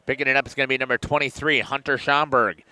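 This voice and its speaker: Guy calling a high school football game, bright clear voice, dry close mic. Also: fast, no room sound. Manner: excited rising calls on big plays. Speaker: play-by-play announcer. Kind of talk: local high school football radio commentary.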